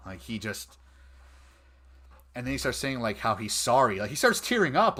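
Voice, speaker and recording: Casting: male podcast host, slightly low voice, excitable casual chatter. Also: normal speed, pauses often. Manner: excitable, laughs often, many fillers. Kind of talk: casual fan podcast chat.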